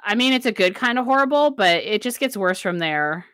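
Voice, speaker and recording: A woman's voice: mid-range voice, animated, fairly quick, a bit bright, smooth, dry recording, studio quality. A woman co-hosting a casual book chat, retelling the plot and reading quotes with feeling. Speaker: podcast co-host recapping a book.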